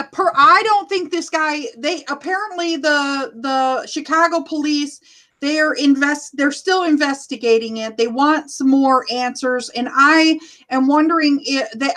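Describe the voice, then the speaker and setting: High-voiced American woman hosting a chat. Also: fairly bright tone. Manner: chatty, reads out live chat comments. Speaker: podcast host. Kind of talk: casual podcast chat.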